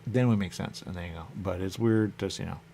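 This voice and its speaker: Deep gravelly man rambling on radio. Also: brisk, warm tone, slight background noise. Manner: loose, repetitive, musing, keeps saying "there you go". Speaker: radio show host. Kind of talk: rambling monologue.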